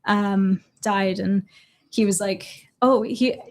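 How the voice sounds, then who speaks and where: A young adult woman from Chicago, a journalist guest, telling a story in an earnest, halting way with quoted dialogue. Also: mid-range voice, fairly even intonation. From Chicago, USA. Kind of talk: storytelling in a conversational interview.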